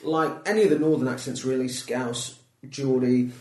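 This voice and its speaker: A man's voice: medium pitch, steady tone, normal speed, warm tone. Candid, swearing man, roomy sound. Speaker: comedian guest. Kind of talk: casual podcast chat. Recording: roomy and distant from mic.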